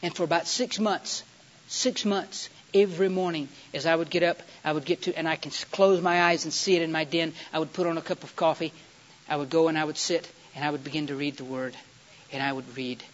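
A middle-aged male preacher with a fairly high voice, delivering a sermon with big dramatic swings. He bursts out loud and excited when telling stories, then drops to a hushed, slow murmur for scripture. The recording is dull and lo-fi, like an old tape.

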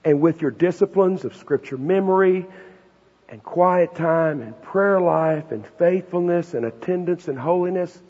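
High-voiced husky preacher man. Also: measured pace. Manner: emphatic, conversational preaching with rhetorical questions. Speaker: pastor. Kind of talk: sermon. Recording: dull, reverberant hall recording.

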